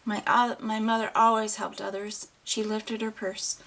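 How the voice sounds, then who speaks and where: A woman's voice: medium pitch, flat delivery, normal speed, gravelly, fairly bright tone. A woman reading a first-person novel aloud in an audiobook, with plain, unpolished delivery and small restarts. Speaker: audiobook reader.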